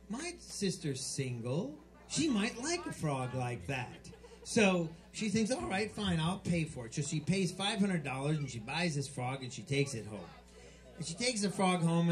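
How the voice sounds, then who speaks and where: A man's voice: high-pitched, a bit bright. A man telling crude jokes on stage at a bar, rambling, restarting and bickering with the crowd. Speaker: stand-up comic at a bar show. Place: bar with live band setup.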